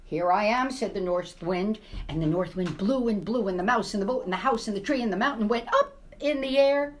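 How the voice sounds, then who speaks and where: A middle-aged woman, a news anchor, reading a children's picture book aloud with animated expression. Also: medium pitch, a little fast, slight background noise. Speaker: TV news anchor as guest reader.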